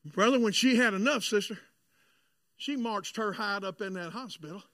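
Male pastor with a high, bright, gravelly voice. Preaches and tells personal stories with fervor. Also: moderate pace, no room sound. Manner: fervent, swings between shouted preaching and hushed confiding storytelling. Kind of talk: sermon with personal storytelling.

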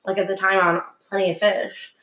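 A woman's voice: medium pitch, little pitch movement, brisk, pushed and bright. Woman, casual chat, sassy, blunt, swears, roomy echo.

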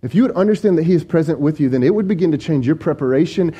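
Man, pastor, sermon, fairly high pitch, conversational, animated. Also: racing, husky. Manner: conversational, animated preaching with asides to the congregation.

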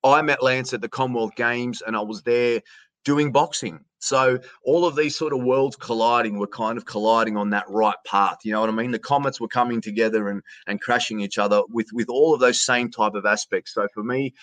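A middle-aged Australian man in a casual interview, telling stories in a chatty, animated way and calling the host "mate". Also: mid-range voice, brisk, dry recording. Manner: chatty, animated storyteller who says "mate" often. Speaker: interview guest, sports announcer.

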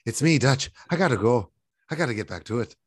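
A man's voice: mid-range voice, lively intonation, fast talker, breathy edge, dry recording, clean studio sound. A man voicing a brash Irish man with an Irish accent who is calling his wife from a payphone and reassuring her in a jokey, sing-song way.

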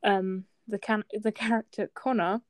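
A woman's voice: medium pitch, flat delivery, measured pace, no echo. Laughing teenage girl telling stories. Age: teens. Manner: laughing, storytelling, teasing. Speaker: co-host. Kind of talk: casual chat.

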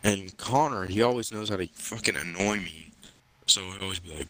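Young male podcast co-host, lowish voice, blunt, profane, rambling casual delivery. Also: normal speed, noisy background. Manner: blunt, swears a lot, rambling with many fillers. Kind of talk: casual chat.

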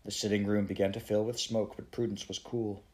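A man reading a children's novel aloud in a steady storytelling manner. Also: on the low side, fast talker. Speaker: audiobook reader.

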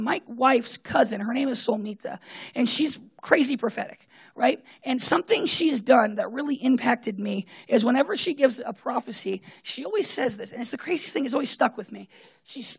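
Woman, preacher, sermon, husky, fairly high voice, storytelling, loud-to-hushed swings.

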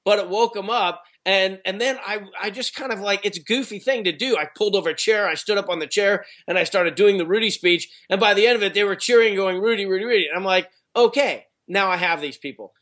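This middle-aged man, an actor and speaker, has a high, somewhat bright voice and talks fast with few pauses. In casual interview talk, his stories wander, packed with restarts and fillers.

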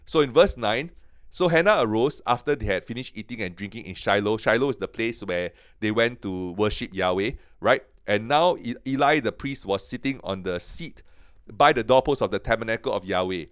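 A man's voice: lowish voice, clean tone, no room sound, clean studio sound. A man teaching from the Bible on a podcast, earnest and eager, who often stops and repeats his words as he goes. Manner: earnest, halting, many restarts and repeated words; grows excited and emphatic.

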